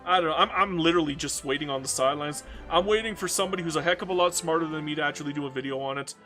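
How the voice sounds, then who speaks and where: A man's voice: on the high side, very fast, bright, forceful tone, soft background music. A Canadian man with a Canadian accent giving casual, ranting commentary while playing a strategy game, swearing freely and repeating himself. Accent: Canadian English.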